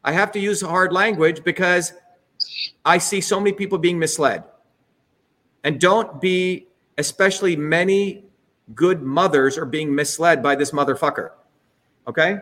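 Fiery male host, slightly high voice, profane and shouting at times. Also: a little slow. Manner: heated, profane, rising to shouts. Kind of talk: fiery political livestream speech.

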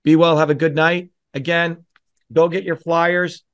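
A man's voice: fairly high pitch, level tone, measured pace, a bit bright. A middle-aged man hosting a town hall, speaking bluntly and preachily to a live audience and often checking in with "okay?" and "right?".

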